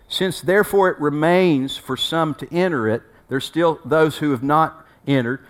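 A man preaching a sermon as pastor, folksy and emphatic, with down-home turns of phrase. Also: a little high.

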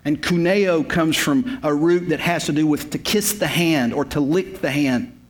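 A man's voice: a little high, measured pace. A man, preaching a sermon as a pastor. He tells the story in an emphatic, repetitive way with folksy humor. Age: 50s.

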